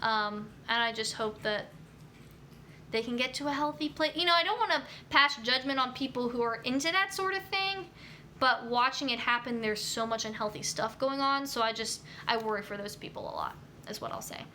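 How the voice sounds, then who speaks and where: Bright-voiced woman chatting on a live stream. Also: on the high side, normal speed, slight background noise. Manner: chatty, many fillers like um and you know. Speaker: nutrition YouTuber hosting a live stream. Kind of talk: casual live-stream chat reading comments.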